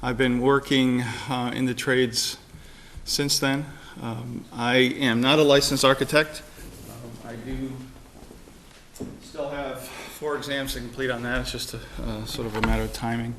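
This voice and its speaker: A man's voice: mid-range voice, fairly even intonation, a little slow, a bit bright, slight background noise. Man, 40s, businesslike, filler words, council appointee, mid-range voice. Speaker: board appointee. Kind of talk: answering questions at a council meeting. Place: city council chamber.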